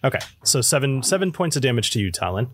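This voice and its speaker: A man's voice: medium pitch, fast talker, slight background noise. Laid-back male game master. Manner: relaxed, laughs often, searches for words. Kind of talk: running a tabletop game.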